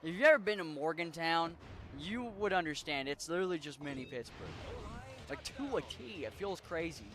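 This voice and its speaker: A man's voice: fairly high pitch, expressive, normal speed, over music. A young man from Western Maryland with a mixed Appalachian accent, chatting casually with his viewers while gaming, rambling and swearing freely. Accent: Western Maryland, Appalachian mix. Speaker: game streamer.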